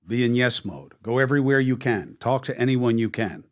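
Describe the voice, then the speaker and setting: A man answering as an interview guest, measured and at times hesitant. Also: mid-range voice.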